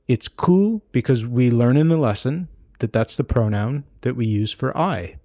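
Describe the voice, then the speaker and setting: A man's voice: medium pitch, dark tone, no room sound, clean studio sound. A man patiently walking through a language-learning website, explaining each exercise as he clicks. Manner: patient, explanatory, thinking aloud while clicking. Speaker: language course creator. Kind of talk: screen-recorded website walkthrough.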